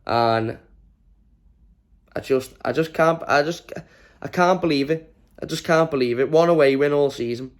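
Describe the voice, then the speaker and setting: A man's voice: a little high, normal speed, long pauses. Exhausted, fuming male football fan. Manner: frustrated, exasperated and swearing. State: exhausted from little sleep. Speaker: fan channel host. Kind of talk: post-match reaction rant to camera.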